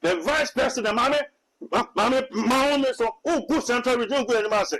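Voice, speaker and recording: Ghanaian male prophet, high voice, preachy and halting. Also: fairly bright tone, poor audio. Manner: preachy, repetitive, hesitant restarts. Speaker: self-styled prophet. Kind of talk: animated Twi commentary mixed with English.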